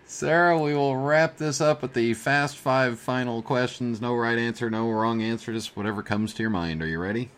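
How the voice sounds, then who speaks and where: A man's voice: mid-range voice, normal speed, few pauses, fairly bright tone. A man hosting a podcast interview, teasing and prompting his guest with questions. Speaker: podcast host. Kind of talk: casual interview chat.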